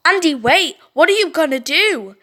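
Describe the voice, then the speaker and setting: Brief: earnest, high-voiced worried teenage boy from a story game, read by a woman. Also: animated, normal speed, sharp tone. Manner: anxious, earnest.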